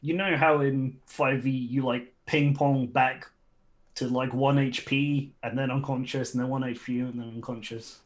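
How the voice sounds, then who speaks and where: A man running an online tabletop game as game master, explaining rules in a relaxed way with chuckles and fillers. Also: medium pitch, moderate pace, low-quality recording.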